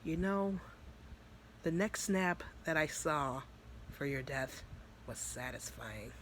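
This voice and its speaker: A menacing male demon who mocks his victims in a cold, slow hush, put on by a young storyteller. The voice sits lower and quieter than his plain talk, each word drawn out with scorn. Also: lively intonation, slight background noise, exaggerated voice.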